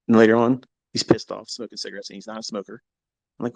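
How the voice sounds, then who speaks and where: A man, a trading educator, telling a candid personal story in a blunt, profane, animated way. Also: on the low side, fast, creaky, no room sound, poor audio.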